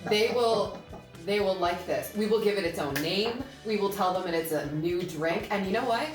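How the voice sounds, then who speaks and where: A woman's voice: mid-range voice, moderate pace, far from the mic, close to an everyday voice. A woman voicing a scheming, self-satisfied male German brewer in casual banter. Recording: roomy, off-mic, faint music.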